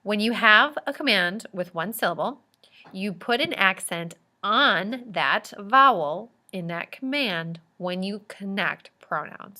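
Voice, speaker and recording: Bright-voiced woman teaching Spanish grammar. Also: fairly low pitch. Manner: explains slowly, switching between Spanish examples and English explanations. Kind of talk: recorded grammar lesson narration.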